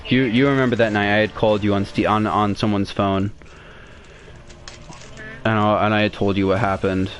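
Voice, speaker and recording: A man's voice: lowish voice, little pitch movement, moderate pace, pauses often, soft background music. A young man telling a long personal story on a podcast in a rambling, profane way, full of restarts and fillers. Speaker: podcast host. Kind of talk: casual storytelling.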